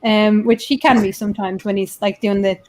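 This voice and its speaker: A woman's voice: medium pitch, fairly even intonation, a little fast, background noise. A woman with a Dublin Irish accent, hosting a casual chat and often stammering and repeating herself. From Ireland. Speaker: host.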